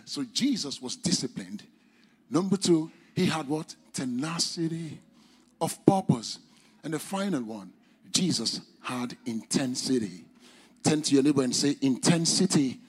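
Husky-voiced preacher with a foreign accent. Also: male voice. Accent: non-native English accent, speaker's own mention. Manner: emphatic preaching with formal, old-fashioned wording; swings between loud high exclamations and low quiet drops. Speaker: pastor. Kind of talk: sermon.

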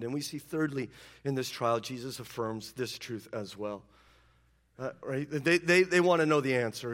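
A man preaching a sermon, moving between loud ringing declarations and low, intense asides. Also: normal speed. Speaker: pastor.

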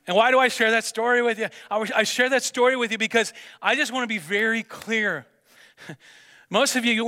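Brief: male pastor, sermon, bright forceful tone, stammers and restarts, long church reverb. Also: extremely high pitch. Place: church sanctuary.

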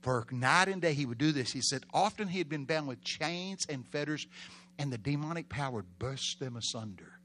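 A man preaching a sermon in a dramatic way, swinging between loud exclamations and hushed storytelling and drawing answers from the congregation. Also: a little high, expressive, moderate pace, slight background noise. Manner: call-and-response with congregation.

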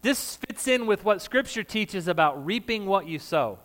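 A man with a fairly high voice preaching a sermon, loud by his own account. He talks to the congregation in a casual, conversational way. He jokes with them and laughs along. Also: lively intonation, normal speed. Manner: says of himself that he is loud. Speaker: pastor.

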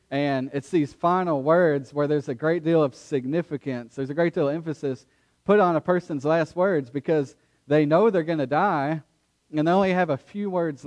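A man preaching a sermon in church, earnest and emphatic, with pauses and restarts. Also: fairly high pitch, darkish tone. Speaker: pastor. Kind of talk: sermon with scripture reading.

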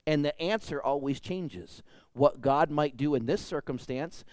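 A man's voice: a little high, measured pace, darkish tone, no echo. A man preaching a sermon in a conversational way, acting out voices when he tells a story. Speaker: pastor.

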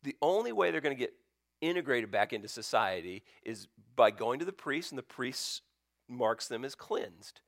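A male pastor preaching a sermon as a story, swinging between loud bursts and near-whispers. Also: medium pitch, big pitch swings, moderate pace, gravelly, no echo, clean studio sound.

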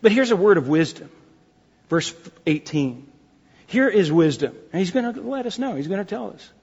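A male preacher delivers an emphatic sermon and repeats his key phrases to drive them home. His voice sits high and a little husky. The recording is dull and lo-fi, with long reverb from a large hall. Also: big pitch swings, normal speed, darkish tone. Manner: addresses the congregation as folks. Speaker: pastor.

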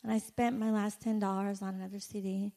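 Animated woman testifying in an echoey hall. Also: medium pitch, a little fast. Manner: animated, frequent "like" fillers. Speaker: conference speaker. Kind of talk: personal testimony to an audience.

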